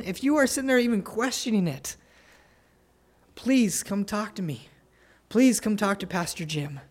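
High-voiced earnest male preacher. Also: animated. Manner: earnest, pleading, tender pauses. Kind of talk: sermon with altar call.

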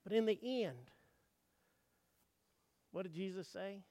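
A man preaching a sermon, telling folksy stories and asking the congregation questions, swinging from hushed asides to loud emphatic outbursts. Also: high voice, expressive, slow pace, pauses often, no echo.

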